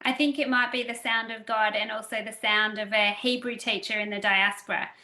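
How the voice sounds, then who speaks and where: A woman interviewing a guest, enthusiastic and filling pauses with ums. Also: on the high side, fairly even intonation, pushed and bright. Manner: enthusiastic, many ums, laughs between phrases. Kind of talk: casual interview talk. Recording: echoey room.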